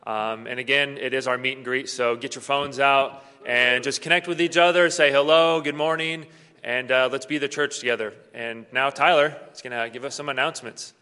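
A man's voice: mid-range voice, fairly even intonation, normal speed, pushed and bright, in a large hall. A man hosting a church service, giving an upbeat, friendly welcome to the congregation. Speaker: worship service host. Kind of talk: church meet-and-greet welcome.

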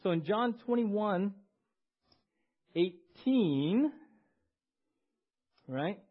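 Male preacher, raised pitch, chatty sermon delivery that pulls the congregation in, dull lo-fi recording. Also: animated, very slow. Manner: conversational, tags lines with "right?" and has the congregation respond. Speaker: pastor.

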